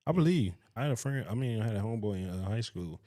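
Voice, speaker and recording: A man's voice: on the low side, animated, quick pace, dark tone, no room sound, clean studio sound. A man co-hosting a podcast, mostly chiming in with short reactions during casual chat.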